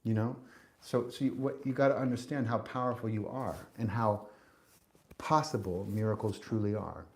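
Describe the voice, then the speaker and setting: A man's voice: lowish voice, moderate pace, a little mellow. A man hosting a podcast, delivering a spiritual monologue in an emphatic, preachy way, cursing and restarting often. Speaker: podcast host.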